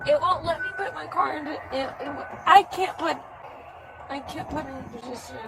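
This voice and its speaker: A woman's voice: high voice, moderate pace, vocal fry, over music. A woman in her twenties, stopped by police at the roadside, stammering and apologizing in a flustered way. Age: 20s. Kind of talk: real bodycam exchange. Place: roadside traffic stop at night. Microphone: officer's bodycam. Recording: noisy roadside bodycam audio.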